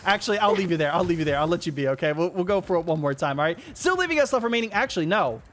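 A young man giving lively gameplay commentary, talking to the players and often breaking into laughter. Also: high voice, racing, very noisy. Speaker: gaming YouTuber.

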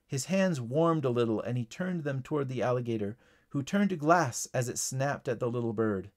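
A man narrating a short storybook reading in a steady, plain storytelling way. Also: mid-range voice, moderate pace.

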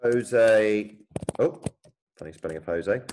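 A man's voice: fairly low pitch, takes it slowly, darkish tone, slight background noise, low-quality recording. A man, a primary school teacher thinking aloud and explaining as he types a writing lesson for children.

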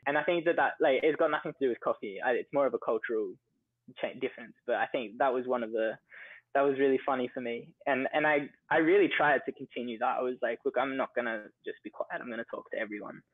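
A husky-voiced young Australian man, a fast talker with a medium pitch, tells stories as a guest in a casual interview about his coffee venture. He fills his speech with "like" and "you know." The sound is dry and resembles a phone call.

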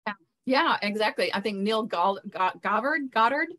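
A woman's voice: mid-range voice, lively intonation, moderate pace, fairly bright tone, low-quality recording. A woman speaking as a spiritual mentor in an interview, earnest and loose, often repeating words as she searches for how to put things. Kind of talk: casual interview talk.

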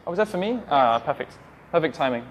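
A man's voice: a little high, expressive, fast, a little hiss or hum. A young English man teaching English, reading viewers' questions aloud on a livestream and answering them in a friendly, plain way. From England.

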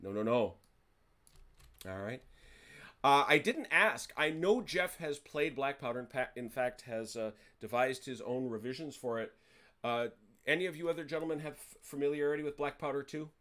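With a medium-pitched, fairly bright voice at normal speed, a man hosts a tabletop wargame and casually explains the rules to the players. He talks in a chatty manner, regularly correcting himself partway through sentences and tossing in wry jokes.

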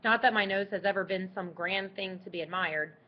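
A woman voicing a worried middle-aged mother on the phone, speaking gently and pleadingly. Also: medium pitch, fairly quick, lightly acted. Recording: dull lo-fi audiobook recording.

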